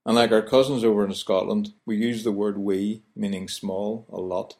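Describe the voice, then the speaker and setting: Belfast man presenter, lowish voice, wry and chatty delivery. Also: fairly even intonation, moderate pace, darkish tone. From Northern Ireland. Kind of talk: scripted explainer on local speech.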